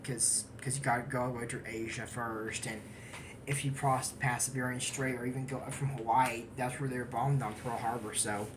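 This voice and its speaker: A woman's voice: a bass voice, fairly even intonation, normal speed, noisy background. A woman casually recapping a cartoon episode, rambling off on tangents and giggling often. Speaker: anime episode reviewer.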